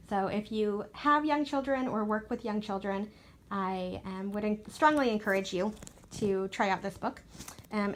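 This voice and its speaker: A young adult woman, a parent, casually recommending a favorite read-aloud book, chatty and full of "um" fillers. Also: medium pitch.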